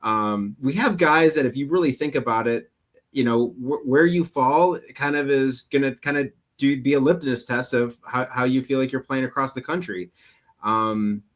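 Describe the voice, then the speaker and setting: A man's voice: medium pitch, moderate pace, fairly bright tone. A man who directs an amateur golf tour, talking earnestly in a loose, rambling way with many fillers. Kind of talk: casual chat.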